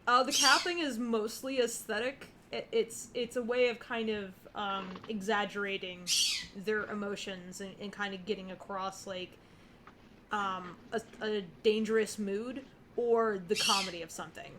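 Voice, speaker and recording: A woman hosting a casual livestream while drawing, chatty and quick to laugh, reading viewer questions aloud. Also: medium pitch, fairly even intonation, sharp tone, a little hiss or hum. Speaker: livestream host drawing on stream.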